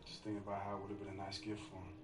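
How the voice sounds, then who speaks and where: A man voicing a young pro basketball player in a game story scene, speaking in a subdued, low-key way about missing his late father. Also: completely flat delivery, rapid-fire, natural voice. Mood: somber. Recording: distant roomy game audio with loud music.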